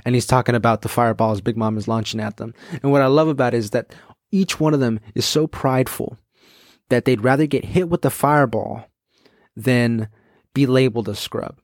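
A man hosting his own podcast, chatting casually and excitedly, with many fillers and quick quoted asides. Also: mid-range voice, no echo, studio quality. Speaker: podcast host. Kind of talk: casual solo podcast chat.

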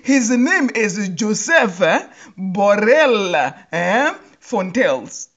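A woman's voice: mid-range voice, very animated, extremely slow. A woman hosting a humorous commentary monologue, teasing and laughing often. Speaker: podcast host. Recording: dull lo-fi recording.

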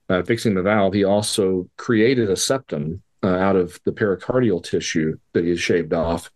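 A man's voice: low voice, a little mellow. A man speaking as a podcast guest, telling a personal story in casual, profane language and acting out the dialogue with quoted voices. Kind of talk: conversational storytelling.

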